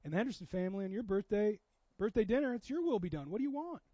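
A middle-aged man preaching a sermon, telling family stories with animated dialogue. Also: high voice, racing, dry recording, highs cut off. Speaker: pastor.

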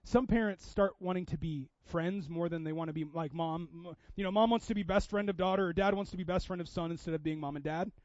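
A man in his thirties from Seattle, preaching a conversational sermon as a pastor, with frequent restarts and swings between loud emphasis and hushed asides. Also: sits high, fast talker, few pauses, no echo, lo-fi sound.

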